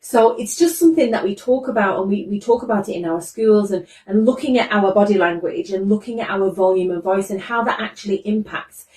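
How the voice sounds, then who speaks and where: A woman with a British accent giving a training talk to teachers. She is naturally excitable, talks fast and runs loud. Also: mid-range voice, reverberant, distant mic. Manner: excitable, fast-talking and loud by own account. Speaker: behaviour trainer.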